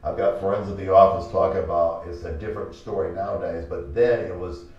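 Pastor guy hosting, retelling a bible story with all the voices, lowish voice, kinda muffled. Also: brisk. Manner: animated storytelling, acting out quotes. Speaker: pastor and show host. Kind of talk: preaching talk-show chat. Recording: echoey room, mic from a distance, dull sound.

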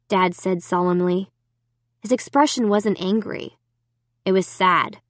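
A woman's voice: mid-range voice, no echo. A woman reading a children's horror novel aloud in first person. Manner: slow, expressive first-person narration. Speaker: audiobook narrator. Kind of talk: audiobook reading.

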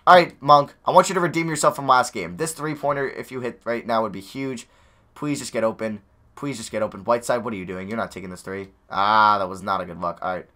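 A young man giving nervous, excitable live commentary over a basketball video game, talking to his players on screen, his voice going hoarse. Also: fairly low pitch, fast talker. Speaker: gaming YouTuber.

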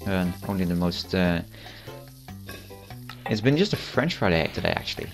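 A man's voice: low voice, animated, normal speed, faint music behind. A teenage boy giving rambling, self-amused gameplay commentary, full of fillers and restarts. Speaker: channel host.

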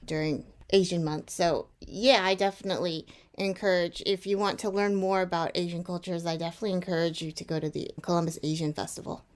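A woman's voice: lowish voice, fairly even intonation, brisk, few pauses. A woman chatting casually, recommending a festival with a dry, teasing touch. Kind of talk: casual chat.

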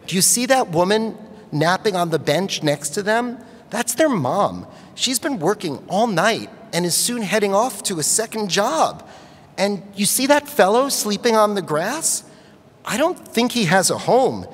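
A man's voice: high voice, fairly bright tone, heavily acted. A man voicing a rabbi's earnest third-grade daughter, sweet and a little sassy, heard with the long reverb of a large sanctuary.

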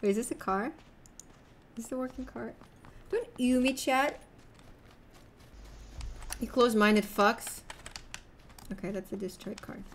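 A woman's voice: a little high, a little slow, pauses often, slight background noise. A young woman streaming a game, chatting loosely and rambling to her viewers, with the odd swear. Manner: rambling, loose and swearing, talks straight to chat. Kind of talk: casual gameplay chat with viewers.

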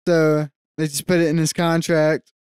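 A man's voice: on the high side, little pitch movement, normal speed, a little mellow, clear, resonant tone, dry recording. A young man co-hosting a casual movie podcast, laid-back with dry one-liners. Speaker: podcast co-host. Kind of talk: casual movie-watching chat.

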